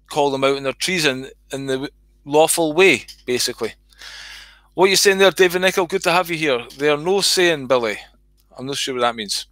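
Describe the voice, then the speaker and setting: A man's voice: on the high side, bright, forceful tone, dry recording. A middle-aged Scottish man reading his comedy skit aloud on a livestream, swearing freely and chatting to viewers.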